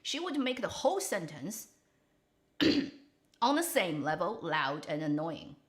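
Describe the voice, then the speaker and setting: Blunt, animated woman drama reviewer. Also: fairly low pitch, a little slow. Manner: opinionated, blunt, animated critique. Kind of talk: casual commentary livestream.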